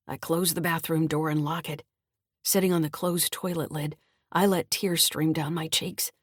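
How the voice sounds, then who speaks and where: A woman, the author, calmly narrating her mystery thriller audiobook. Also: deep voice, husky, dry recording, clean studio sound.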